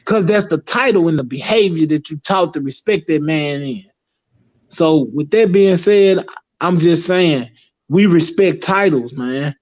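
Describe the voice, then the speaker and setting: A man's voice: a little high, a little mellow. A man talking as a guest in casual chat, rambling and emphatic, swearing freely. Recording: dull lo-fi recording.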